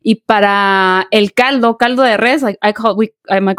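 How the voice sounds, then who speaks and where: A woman from Michoacán, co-hosting a podcast, chatting lively and switching often between English and Spanish. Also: mid-range voice, moderate pace, dry recording, studio quality. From Michoacán, Mexico. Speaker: podcast co-host. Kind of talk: casual chat.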